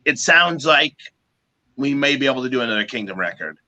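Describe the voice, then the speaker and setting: Bright-voiced man telling band stories. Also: mid-range voice, a little fast, rough recording. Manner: animated, swears freely, many restarts. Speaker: guest musician. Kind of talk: casual storytelling.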